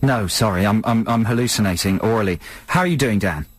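A man's voice: lowish voice, quick pace, no echo. A man co-hosting a comedic radio show, joking playfully with callers. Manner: playful, jokey, interrupts often. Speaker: radio host.

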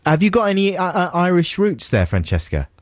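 A man's voice: sits high, wildly swooping pitch, fairly quick, no echo, clean studio sound. A man co-hosting a radio show, chatting wryly and rambling with callers. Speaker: radio co-host. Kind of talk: playful radio banter.

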